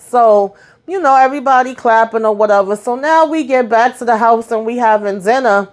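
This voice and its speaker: A woman hosting a casual TV episode recap, animated and chatty, talking straight to her viewers. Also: fairly high pitch, a little fast. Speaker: TV recap host.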